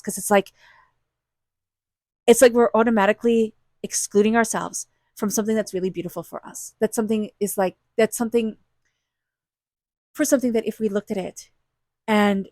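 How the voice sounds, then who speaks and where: A woman reads tarot cards in an earnest, encouraging voice and repeats her key phrases for emphasis. She speaks at a middling pitch, close to a dry mic with no room sound. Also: a little mellow, no room sound. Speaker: tarot reader. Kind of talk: intuitive tarot reading.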